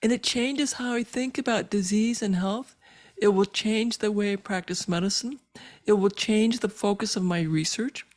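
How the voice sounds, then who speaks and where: An older woman, a physician, telling her personal story as a podcast guest, earnest and halting with many fillers and moved as she relives it. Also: medium pitch, a little mellow. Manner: emotional when reliving moments.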